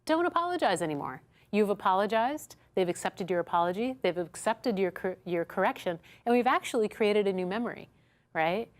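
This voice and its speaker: A woman's voice: medium pitch, expressive, brisk. A woman instructor teaching a workshop lesson to a small audience. She acts out customer dialogues as she goes and keeps checking in with "right?". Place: studio classroom with a small audience.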